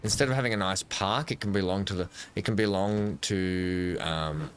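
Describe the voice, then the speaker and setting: A man's voice: sits low, normal speed, a little hiss or hum. A man giving casual let's-play commentary at a desk microphone, thinking aloud and correcting himself as he builds. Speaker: gameplay commentator.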